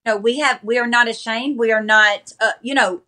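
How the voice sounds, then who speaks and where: Woman guest in her forties, bright clear tone, slow halting delivery. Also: a little high, steady tone. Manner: halting, measured retelling with many pauses and fillers. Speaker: podcast guest. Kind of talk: conversational interview.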